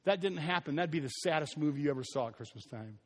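A high-voiced man preaches a sermon in a church. He is animated, acting out the story and sometimes falling almost silent. His voice rings with long reverb through a large hall. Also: quick pace. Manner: animated preaching, acting out scenes and dropping to a near whisper. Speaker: pastor.

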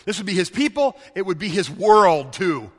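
A man's voice: sits high, very animated, moderate pace, long reverb tail. A male pastor preaching a sermon, emphatic and repeating key words for stress.

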